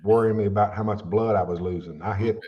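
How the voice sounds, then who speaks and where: A man telling quick, lively stories as host of a casual fishing livestream. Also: lowish voice. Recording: dull lo-fi stream audio.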